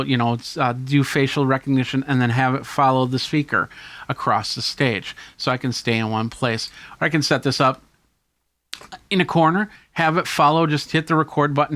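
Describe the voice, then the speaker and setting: A man's voice: medium pitch, a bit bright, no echo. Casual man showing off camera gear. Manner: casual, enthusiastic show-and-tell. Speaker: tech video host. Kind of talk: hands-on gear demonstration.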